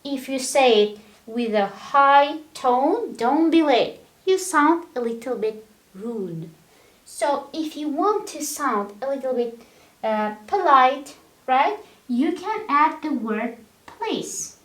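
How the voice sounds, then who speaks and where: A woman's voice: high voice, animated, slow, a bit bright, roomy sound. A woman teaching English grammar. She talks patiently, repeats her examples and keeps checking in with "right?".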